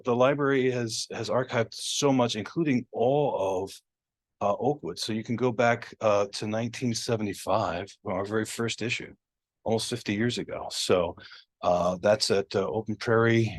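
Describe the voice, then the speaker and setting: A man's voice: mid-range voice, moderate pace, dry recording. Chatty man hosting a reading. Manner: chatty, filler-heavy, coaxing. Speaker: event organizer and magazine editor. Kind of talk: casual event announcements. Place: university library gallery reception.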